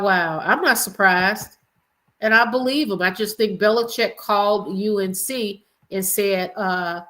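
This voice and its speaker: Chatty woman hosting a livestream. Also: mid-range voice. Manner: chatty, expressive, talks straight to viewers. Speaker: livestream host. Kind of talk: casual commentary chat.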